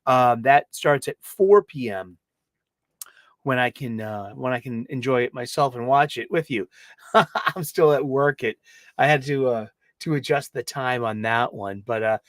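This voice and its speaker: A middle-aged man, hosting a casual livestream chat, who gets excited and lets his voice jump into higher registers. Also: measured pace, no echo. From Boston. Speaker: livestream host.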